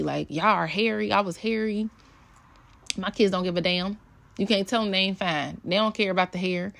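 Woman chatting on her podcast, real candid, cusses a lot, bit of vocal fry. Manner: candid, conversational, swears freely, quotes her kids in higher voice. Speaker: podcast host. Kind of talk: casual solo podcast talk.

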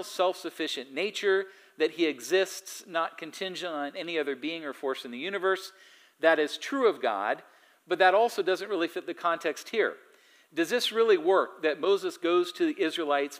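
A man's voice: on the high side, bright, forceful tone, rough recording. A man preaching a sermon, explaining scripture in a conversational teaching manner with occasional fillers and restarts, building to emphatic points. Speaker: pastor.

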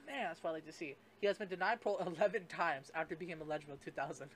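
Young guy ranting on his podcast, pretty high voice, swears a lot, trips over his words. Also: very fast, a bit bright, slight background noise. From Canada. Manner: rambling, profane, full of fillers and restarts. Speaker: podcast host. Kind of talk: casual solo podcast rant.

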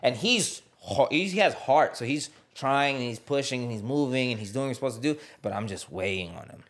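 A man's voice: mid-range voice, lively intonation, a little fast, fairly bright tone. A young man with an ordinary mid-range voice talks casually as a podcast guest. He recounts stories at an easy pace and keeps circling back with "I was like.". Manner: storytelling, repeats "I was like". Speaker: guest, fighter and kids' martial arts coach.

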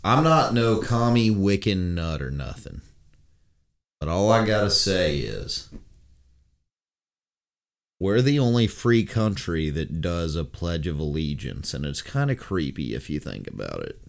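Deep voiced guy on a comedy podcast, talks slow, swings his pitch all over. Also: big pitch swings, creaky. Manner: slow, drawling storyteller with big laughing outbursts. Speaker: podcast co-host. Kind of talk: casual comedic banter.

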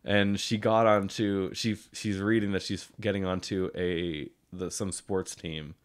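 A man's voice: low voice, flat delivery, unhurried, clear, resonant tone. A man co-hosting a podcast, talking in a rambling, emotional way and laughing easily. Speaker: podcast co-host. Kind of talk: casual chat.

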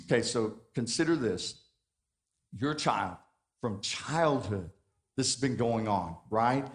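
A man's voice: mid-range voice, lively intonation, takes it slowly. A man preaching a sermon in a conversational way. He puts questions to the congregation and often restarts or repeats words. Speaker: pastor.

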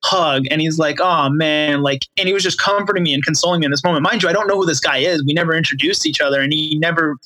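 Bright-voiced man, heartfelt and halting. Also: on the high side, steady tone, no room sound, low-quality recording. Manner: heartfelt, halting, many restarts. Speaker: podcast guest. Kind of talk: casual chat.

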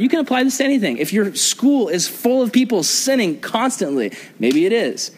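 High-voiced man preaching to youth. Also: in a large hall. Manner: conversational, asks the group questions. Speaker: youth pastor. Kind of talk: sermon to a youth group.

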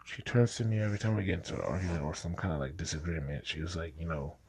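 A man's voice: sits low, very fast, vocal fry, darkish tone, slightly rough, no room sound. A man casually telling a personal story, rambling and restarting his sentences. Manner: rambling, repeats himself with false starts.

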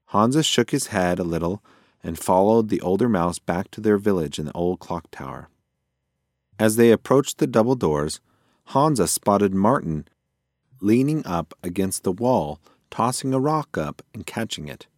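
Low-voiced man reading a storybook. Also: normal speed, no echo, clean studio sound. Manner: expressive, lively storytelling. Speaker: narrator.

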